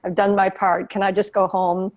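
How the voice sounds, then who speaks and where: A woman's voice: medium pitch, level tone, normal speed, dry recording, muffled recording. A woman speaking earnestly about spiritual healing, in flowing, emotive phrases. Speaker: guest. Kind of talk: heartfelt spiritual conversation.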